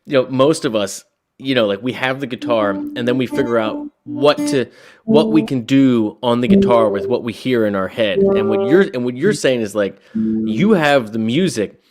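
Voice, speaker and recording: A man's voice: medium pitch, moderate pace, darkish tone, faint music behind. A man hosting a casual live interview, reacting with eager enthusiasm to his guest. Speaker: host.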